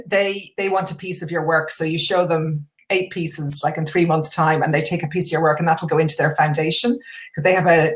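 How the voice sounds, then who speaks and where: An Irish woman chatting casually as a guest on a live stream, enthusiastic and full of restarts. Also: lowish voice. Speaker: guest artist.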